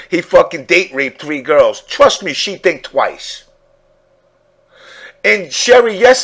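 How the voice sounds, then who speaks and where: Furious swearing male show host. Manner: furious, swearing heavily, lively swings in pitch. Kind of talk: angry profane rant on a talk show.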